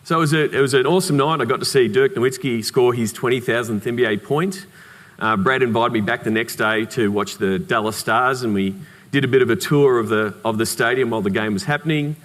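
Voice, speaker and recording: Australian man, keynote speaker, middle-pitched voice, lively storytelling, joking asides, long hall reverb. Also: a little fast. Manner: lively anecdotal delivery with humorous asides. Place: conference hall.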